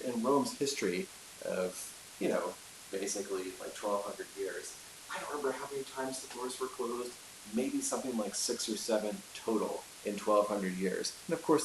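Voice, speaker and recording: A man teaching a class in a chatty storytelling way, with many fillers and asides, recorded in an echoey room with hiss. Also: on the low side. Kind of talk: casual classroom lecture.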